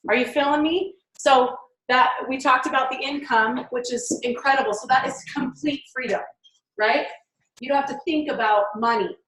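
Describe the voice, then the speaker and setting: A woman's voice: high voice, normal speed, fairly bright tone. Bubbly woman trainer in an echoey room. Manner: enthusiastic, chatty, laughs often. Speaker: mindset trainer. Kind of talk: team training talk.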